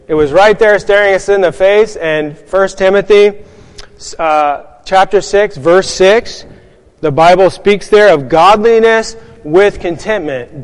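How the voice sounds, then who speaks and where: A man's voice: high voice, long reverb tail, rough recording. A man preaching a sermon, earnest and emphatic, putting rhetorical questions to his congregation.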